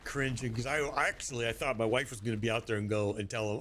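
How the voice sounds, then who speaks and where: A man's voice: medium pitch, steady tone, fast talker, hardly any pauses. Chuckly man in his sixties, noisy stream. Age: 60s. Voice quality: chuckling, storytelling, playful put-on voices for quotes. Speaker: game streamer. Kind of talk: casual chat while gaming.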